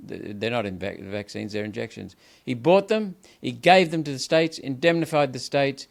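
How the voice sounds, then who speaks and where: This older Australian man speaks in a rough, gravelly voice. He pushes his arguments with heavy emphasis, stumbles into repeated words, and keeps going without a break. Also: mid-range voice, moderate pace. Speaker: senator, guest. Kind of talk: impassioned political interview.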